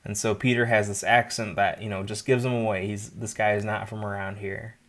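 A man walks through a Bible passage in a relaxed, conversational way. He stops often to explain with everyday asides, like a pastor teaching a small group. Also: on the low side, a little fast.

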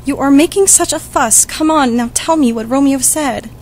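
A woman's voice: sits high, moderate pace, a little mellow, a little hiss or hum, natural voice, low-quality recording. A woman playing Juliet, eager and impatient. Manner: impatient, pleading. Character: eager young girl in love. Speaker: student reader. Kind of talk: school audiobook reading.

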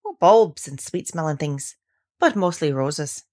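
Woman doing a gruff old gardener. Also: sits low, expressive, unhurried, darkish tone. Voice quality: gruff, grumbling. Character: grumpy old Yorkshire gardener man.

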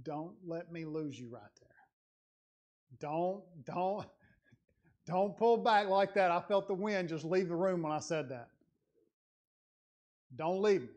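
High-voiced man preaching a sermon. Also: slow, long pauses, darkish tone. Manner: earnest, conversational preaching with rising emphatic passages. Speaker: lay preacher. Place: church sanctuary.

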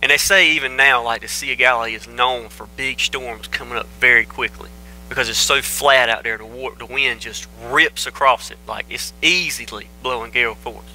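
Bright folksy preacher man. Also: medium pitch, moderate pace, a little hiss or hum, poor audio. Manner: folksy, joking, conversational storytelling. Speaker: pastor. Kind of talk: casual folksy sermon. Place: church sanctuary. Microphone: microphone.

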